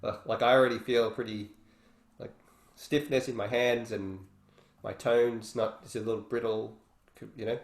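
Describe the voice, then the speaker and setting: A man's voice: mid-range voice, flat delivery, normal speed. A man teaching guitar in an online workshop, explaining casually and thinking aloud between demonstrations. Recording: roomy echo with faint guitar.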